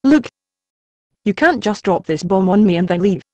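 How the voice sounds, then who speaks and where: A woman playing a defensive, quick-tempered young woman who questions sharply, in an amateur stage drama. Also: medium pitch, expressive, no echo, lightly acted. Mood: insistent. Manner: sharp and demanding.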